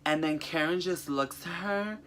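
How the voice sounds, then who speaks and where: Young man ranting, bright voice. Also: fairly high pitch, normal speed, faint music behind. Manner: profane, animated ranting. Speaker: vlogger. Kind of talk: casual story time.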